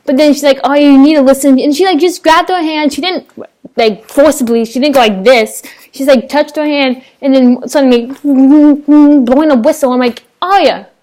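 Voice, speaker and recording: A young woman, chatting casually to her laptop webcam at home, rambling excitedly with lots of fillers and restarts. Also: high voice, moderate pace. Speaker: vlogger reviewing a TV episode. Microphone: laptop webcam microphone.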